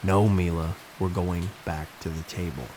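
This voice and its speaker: A man's voice: low-pitched, fairly even intonation, moderate pace, mellow, slight background noise, voice pushed down, close to an everyday voice. A man doing a stammering young boy. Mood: nervous. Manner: stammering, hesitant. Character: nervous seven-year-old boy.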